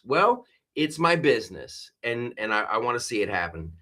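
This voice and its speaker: A man's voice: mid-range voice, very animated, normal speed, pushed and bright. A man hosting a live stream, talking politics in a rambling, exasperated way with many restarts while reading viewer comments. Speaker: host.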